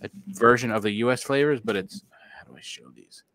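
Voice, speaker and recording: A man co-hosting a podcast in casual chat, loud and excitable, laughing and swearing often. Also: medium pitch, fairly quick. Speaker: podcast co-host.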